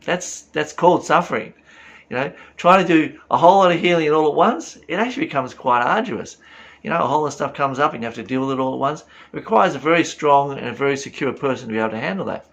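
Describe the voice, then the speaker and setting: Man giving gravelly spiritual talk. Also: on the high side, fairly bright tone. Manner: earnest, rhetorical questions, tells anecdotes. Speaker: spiritual teacher.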